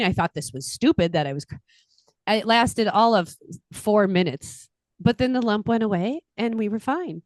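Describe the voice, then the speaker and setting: A middle-aged woman, an astrologer and podcast co-host, chatting casually and telling stories in an animated way, laughing often. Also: a little high, normal speed, dry recording, studio quality. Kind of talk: casual chat.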